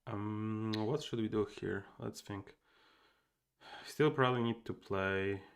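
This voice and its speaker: A man's voice: fairly low pitch, slow pace, vocal fry, smooth. A young man thinking aloud while he plays a board game on a livestream and chats with viewers. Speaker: game streamer. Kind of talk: casual livestream commentary.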